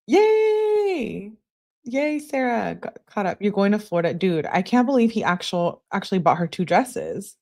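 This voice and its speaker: Scornful young woman reading texts aloud. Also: lowish voice. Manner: blunt, scornful asides. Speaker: true crime commentator. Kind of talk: reading text messages aloud with commentary.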